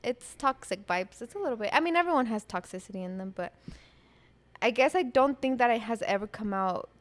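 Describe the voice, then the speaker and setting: A woman's voice: a little high, lively intonation, fairly quick. A young woman co-hosting a podcast, chatting casually and telling stories with lots of fillers and laughs. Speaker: podcast co-host. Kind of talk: casual chat.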